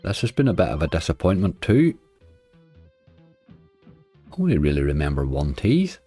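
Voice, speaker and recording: Male streamer, very low voice, easygoing chat with viewers, soft slot music behind. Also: huge pitch swings, normal speed, breathy edge. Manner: chatty, answers viewers' chat comments. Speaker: slots streamer. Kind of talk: casual livestream chat.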